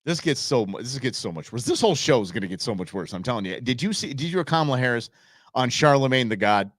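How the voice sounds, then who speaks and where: A man's voice: mid-range voice, animated, fast, dry recording, studio quality. A man hosting a live political commentary show, talking casually and sarcastically and slipping into mocking impressions. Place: small home studio. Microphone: studio microphone.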